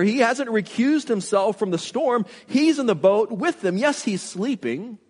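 A man's voice: high voice, darkish tone, slightly rough. A man preaching a sermon as a pastor, earnest, with rhetorical questions to the congregation and frequent restarts. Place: church sanctuary. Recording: long reverb of a large hall.

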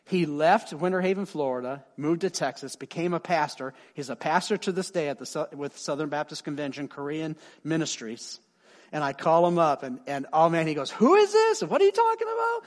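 A man preaching a sermon, telling a story with lively voices for the people he quotes and dropping soft and quiet for emphasis. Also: a little fast. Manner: animated, acts out quoted people with big pitch swings. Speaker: pastor.

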